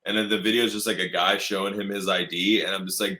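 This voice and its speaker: A man's voice: sits low, fairly even intonation, quick pace, bright, forceful tone, roomy sound. A man co-hosting a podcast in casual chat, rambling and swearing, mocking the people he quotes in put-on voices. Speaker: podcast co-host.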